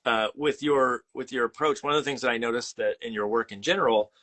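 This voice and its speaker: A man's voice: mid-range voice, fast, pushed and bright. Rambling, teasing male podcast host. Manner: rambling and teasing, many fillers. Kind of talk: casual interview chat. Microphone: video call.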